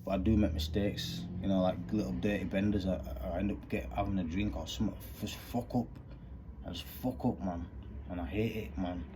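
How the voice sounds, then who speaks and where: Deep earnest man. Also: steady tone, a little fast, background noise. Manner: earnest, rambling, street slang. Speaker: vlogger. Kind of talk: candid monologue.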